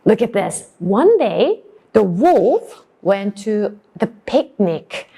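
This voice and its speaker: A woman teacher giving a demonstration class, telling a storybook tale slowly and with exaggerated expression. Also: medium pitch, creaky, husky. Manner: slow, exaggerated and animated.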